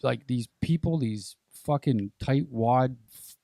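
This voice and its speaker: A man co-hosting a casual podcast, blunt and animated, swearing often. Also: mid-range voice, slow, gravelly, no room sound, studio quality. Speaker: podcast co-host. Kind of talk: casual chat.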